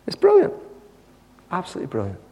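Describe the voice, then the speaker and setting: Animated preacher in a reverberant hall. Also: male voice, high voice, fast. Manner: animated storytelling, acting out the scene. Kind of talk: sermon.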